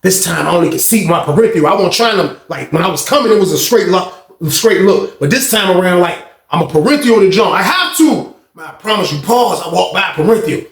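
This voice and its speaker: Gravelly high-voiced man. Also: fast talker, hardly any pauses, echoey room. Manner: animated, slang-heavy, swears freely. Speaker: storyteller. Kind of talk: casual storytime.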